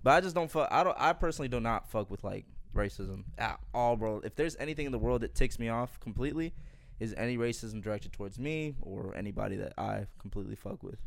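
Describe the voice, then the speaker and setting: A man's voice: medium pitch, animated, quick pace, creaky. Young man telling casual podcast stories. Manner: loose, profane, laughing storyteller. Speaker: podcast host.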